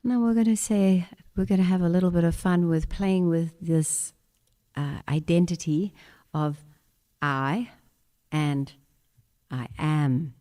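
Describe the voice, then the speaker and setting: Slow, low-voiced woman guiding meditation. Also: steady tone. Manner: slow, gentle spoken guidance with repeated affirmations. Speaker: meditation and breathwork leader. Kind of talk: guided meditation in a church service.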